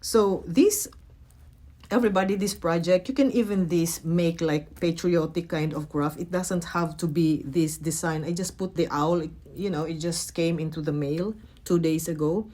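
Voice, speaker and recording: A woman's voice: on the low side, moderate pace. Chatty woman walking through a craft. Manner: chatty, gentle, frequent fillers and self-corrections. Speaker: craft vlogger. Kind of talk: casual craft tutorial narration.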